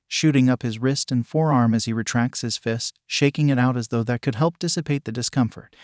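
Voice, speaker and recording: A man narrating a fan fiction story in a measured, descriptive way. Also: mid-range voice, a little mellow, no room sound, clean studio sound.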